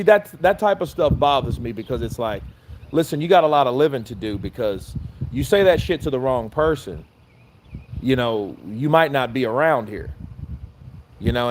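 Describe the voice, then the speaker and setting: Guy ranting about a bar run-in, swears a lot, keeps restarting, faint hiss behind. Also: medium pitch. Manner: profane, rambling, full of restarts and quoted dialogue. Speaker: commentator. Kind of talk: casual storytelling rant.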